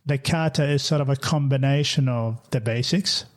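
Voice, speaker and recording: A man's voice: mid-range voice, moderate pace. A man hosting a podcast interview, speaking in a friendly, hesitant way with many fillers. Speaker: podcast host.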